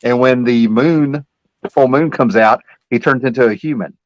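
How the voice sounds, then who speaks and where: A man's voice: medium pitch, normal speed, no room sound, rough recording. Man, middle-aged, casual host chat, rambling, nostalgic, trails off, dry close sound. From Kentucky-Virginia area.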